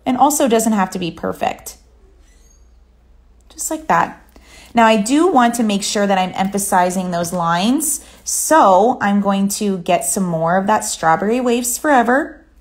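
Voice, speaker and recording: A woman giving a relaxed, chatty step-by-step nail art tutorial. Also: medium pitch, measured pace. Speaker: nail artist.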